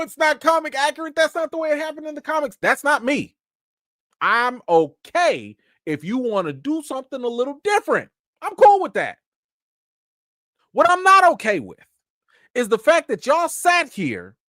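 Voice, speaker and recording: Lively, animated man reviewing a film. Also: fairly high pitch, dry recording, studio quality. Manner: animated, talks straight to viewers as "y'all"; emphatic, repeats points for effect. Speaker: movie reviewer and live stream host. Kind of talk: live stream review commentary.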